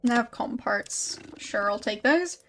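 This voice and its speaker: A young woman streaming a game, chatting in a relaxed way and greeting viewers. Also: on the high side, slow, soft background music.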